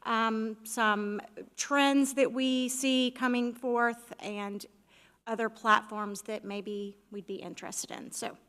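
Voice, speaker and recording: A woman's voice: fairly high pitch, steady tone, takes it slowly, a bit bright, clear, resonant tone. A woman on the village staff presenting a website report to the council in an organized, friendly, explanatory way. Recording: reverberant meeting hall.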